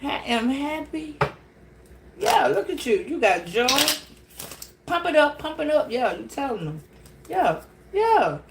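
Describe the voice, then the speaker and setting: A woman giving a casual tarot reading, blunt and profane, animated and laughing often. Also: sits high, a little slow, creaky, very noisy. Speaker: tarot reader.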